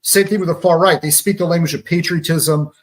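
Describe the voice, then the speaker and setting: A man's voice: a little high, fairly even intonation, a little fast. Man explaining propaganda with pop analogies. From Georgia, US. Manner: analytical, uses pop-culture analogies. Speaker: radio show guest. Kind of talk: conversational explaining.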